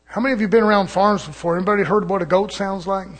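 A man preaching an evening sermon in a church, fervent, swinging between shouted lines and hushed asides. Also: high-pitched, steady tone, racing.

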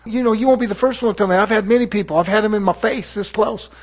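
A man's voice: high-pitched, quick pace. A man preaching a sermon in an emphatic, confrontational way, chuckling between points.

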